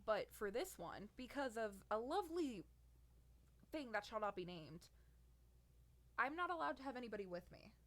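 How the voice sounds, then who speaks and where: A woman's voice: fairly high pitch, very animated, moderate pace, long pauses, a bit bright. A nineteen-year-old woman telling a personal story on her podcast, venting in an exasperated, sarcastic way. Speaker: podcast host.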